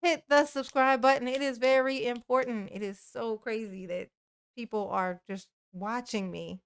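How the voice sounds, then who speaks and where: Slow-drawling woman calling herself Mama. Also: a little high. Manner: drawling, affectionate, calls herself Mama, laughs often. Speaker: YouTube channel host. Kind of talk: casual livestream sign-off to viewers.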